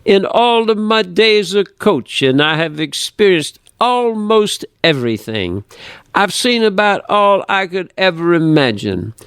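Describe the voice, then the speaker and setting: A man's voice: sits high, very animated, measured pace, fairly bright tone, smooth, no echo, studio quality, voice pushed up, heavily acted. Man doing a blunt Brooklyn track coach. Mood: proud, emphatic.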